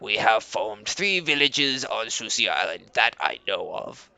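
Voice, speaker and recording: A man voicing a proud, guarded male leader of a servile tribe in a fantasy game, speaking in a formal, measured way. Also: lowish voice, big pitch swings, creaky, bright, forceful tone, no room sound, voice pushed down, heavily acted.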